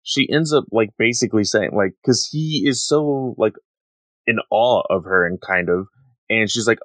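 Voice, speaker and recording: Low-voiced man, casual chatty recap. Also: moderate pace, dry recording. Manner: relaxed, many fillers, plays out quotes. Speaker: podcast co-host. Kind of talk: casual manga discussion.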